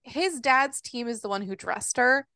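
A woman co-hosting a casual book club podcast, frank and quick to laugh. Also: on the high side, expressive, bright, forceful tone, a little hiss or hum. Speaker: podcast co-host.

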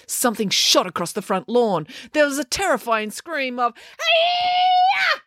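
A woman reading a children's chapter book aloud as a storyteller, with an expressive, animated delivery. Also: on the high side, normal speed, dry recording, clean studio sound.

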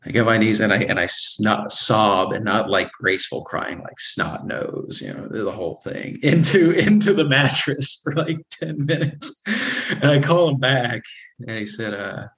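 A man's voice: medium pitch, fairly bright tone, rough recording. A man in his thirties recounts his path to recovery in an open, candid way. He stumbles and restarts often, with filler words and short laughs breaking up his sentences. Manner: halting, many repeated starts and fillers, laughs often. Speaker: guest sharing recovery story. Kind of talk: candid personal testimony.

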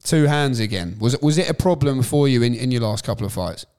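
A man's voice: medium pitch, expressive, quick pace, a little mellow, smooth. A man hosting a casual chat interview, laughing along with his guest. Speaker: host.

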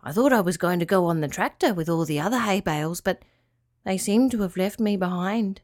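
A woman voicing a friendly young male hay bale in a storybook reading, gentle and earnest with a wistful touch. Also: fairly low pitch, a little fast, no room sound, clean studio sound, close to an everyday voice.

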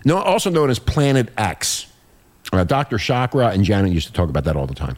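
A man's voice: fairly low pitch, big pitch swings, fairly quick, a little mellow. A man hosting a casual podcast, crude and swearing often while he reads news and jokes. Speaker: podcast host.

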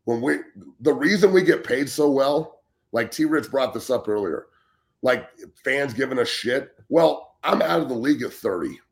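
On a casual sports talk show, a guest in his forties who used to play football rants in an animated, medium-pitched voice at normal speed. He's blunt, heated, and very profane, and he keeps restarting sentences by repeating their first words.

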